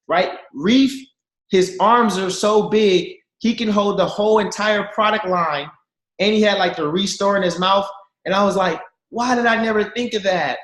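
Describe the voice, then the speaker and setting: A man in his thirties telling jokey, slangy stories to a team on a video call and talking straight to his listeners. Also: high-pitched. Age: 30s. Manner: lively, slangy, jokey, addresses listeners directly. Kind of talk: animated storytelling to a group. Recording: echoey room over a video call.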